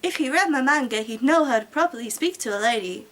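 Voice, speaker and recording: A woman's voice: sits high, lively intonation, fast. A woman reading the lines of a defiant young woman who aspires to draw manga, in an indignant tone.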